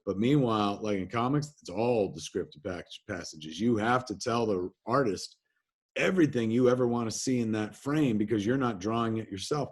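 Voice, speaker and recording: A man from New Jersey, a guest in an interview, telling animated anecdotes in casual talk and swearing freely. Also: mid-range voice, a little fast. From New Jersey, USA. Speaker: interview guest, filmmaker and comics writer.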